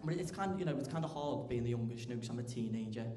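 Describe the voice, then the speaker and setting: A teenage man doing a stand-up comedy routine, chatty, tagging lines with "right?" and getting loud when acting out scenes. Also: mid-range voice, expressive, very fast, slight background noise. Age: teens. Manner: chatty, keeps asking "right?", bursts loud for acted bits. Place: large comedy club stage. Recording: echoey live club room.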